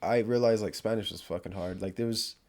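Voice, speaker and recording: A man's voice: fairly low pitch, brisk, a little mellow. Laid-back young man telling a story. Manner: swearing, laughing, telling a travel story. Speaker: podcast co-host. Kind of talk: casual storytelling chat.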